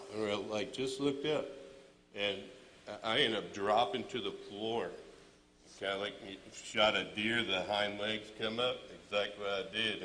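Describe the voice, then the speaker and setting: A middle-aged man shares a personal testimony before a congregation, halting and restarting as he goes. His voice is pitched slightly low but bright and forceful. A long reverb from the hall trails each phrase. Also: slight background noise. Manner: halting, repeats words while recounting. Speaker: church testimony speaker.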